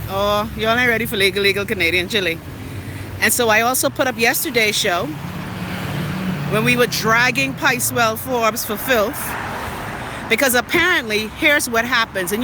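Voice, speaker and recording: Sassy Bahamian woman walking through traffic. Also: on the high side. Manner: chatty, sassy, playful. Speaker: vlogger. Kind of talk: casual live-stream chat while walking. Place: city street outdoors, walking. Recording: street traffic noise behind. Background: traffic noise.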